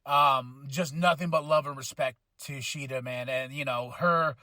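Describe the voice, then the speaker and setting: A man hosting a wrestling podcast, reviewing a show in an excitable, slangy way and breaking into shouts when thrilled. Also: mid-range voice, normal speed, no room sound. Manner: casual slangy delivery, laughs often.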